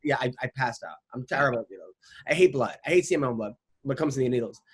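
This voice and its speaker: A man's voice: medium pitch, lively intonation, racing, breathy edge. A middle-aged man hosting a podcast, telling a rambling story in casual chat, stammering, restarting and swearing freely. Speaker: podcast host.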